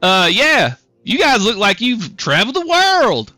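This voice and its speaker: A man's voice: sits high, wildly swooping pitch, unhurried, bright, forceful tone, dry recording, pitched above the performer's own voice, heavily acted. A man voicing a chatty, easygoing local truck driver who rambles and apologizes in a folksy way.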